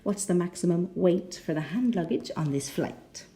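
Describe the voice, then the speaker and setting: A woman's voice: on the low side, normal speed, warm tone, slight background noise. A woman with a rhotic English accent teaching a pronunciation lesson, patient and often checking in with the learners.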